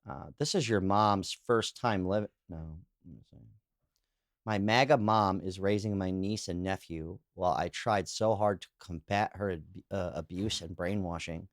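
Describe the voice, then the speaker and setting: The host's voice is deep, at a normal speed, captured in studio quality with no room sound. He's an adult who calls himself too old, working through read-out comments in a loose, candid solo monologue full of "you know" and "like," laughing while sharing anecdotes.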